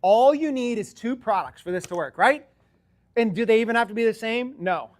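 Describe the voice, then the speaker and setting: A man coaching viewers on sales scripts in an office, in an energetic, chatty, salesy way. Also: extremely high pitch, brisk.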